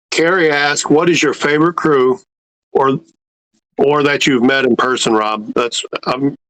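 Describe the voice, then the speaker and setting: Male host, relaxed, reads out viewer questions, mid pitch, dry close sound. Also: no echo, rough recording. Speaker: interview host. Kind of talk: casual interview questions.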